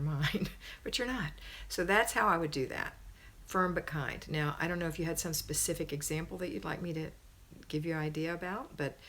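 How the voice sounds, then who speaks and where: A middle-aged woman hosting a live stream, giving homemaking advice in an emphatic, conversational way and often asking "right?". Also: sits low.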